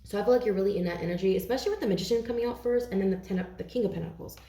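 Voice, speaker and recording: A woman's voice: medium pitch, racing, warm tone, roomy sound. A woman doing a casual tarot reading to camera, chatty and intuitive, often checking in with "okay?". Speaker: tarot reader.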